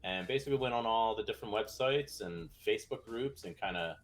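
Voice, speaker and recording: A man's voice: on the low side, expressive, brisk. A man who develops games, chatting casually in a laid-back, rambling, joking way. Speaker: game developer guest. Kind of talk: casual chat.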